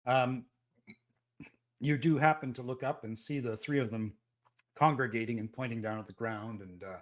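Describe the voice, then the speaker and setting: A man's voice: medium pitch, moderate pace. A man running a tabletop game as game master, talking hesitantly with many fillers.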